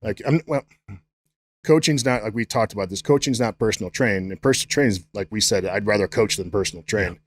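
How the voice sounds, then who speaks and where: A middle-aged man with a fairly low voice, chatting on a podcast as a guest. He rambles from story to story and swears freely, loose and unpolished. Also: fairly quick. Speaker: guest, strength coach. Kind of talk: casual podcast chat.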